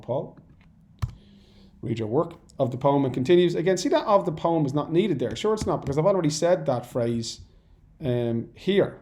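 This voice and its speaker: A mellow, warm-toned man giving an exam-prep lesson. He reads out sample answers and stops often to comment in a relaxed, conversational way. His pitch sits in an ordinary middle range. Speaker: teacher.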